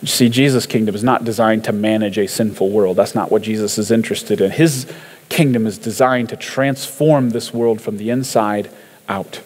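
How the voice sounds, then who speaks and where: A man's voice: fairly low pitch, normal speed, darkish tone, husky, in a large hall. A man giving a casual, conversational sermon, chatting through song lyrics and scripture with fillers and easy laughs.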